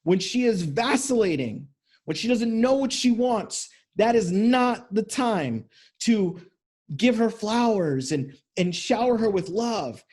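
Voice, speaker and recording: A man's voice: sits high, lively intonation, slow pace, darkish tone. Blunt, cursing man coaching. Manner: blunt and profane, with emphatic repetition. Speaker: relationship coach. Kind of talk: motivational monologue to men.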